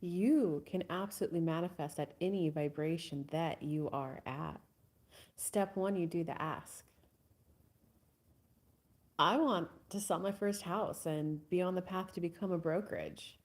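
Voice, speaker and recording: A woman hosting a live spiritual coaching stream in a casual, soft-spoken way, sometimes dropping to a whisper. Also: fairly low pitch, a little slow. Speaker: host.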